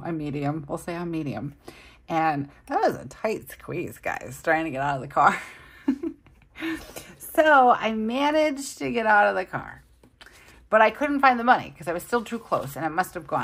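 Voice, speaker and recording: A woman's voice: low-pitched, gravelly, fairly bright tone, husky. A woman in her thirties vlogging as she plans, chatty and self-deprecating, laughing often as she tells a story. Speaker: planner vlogger. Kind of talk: casual storytelling while planning.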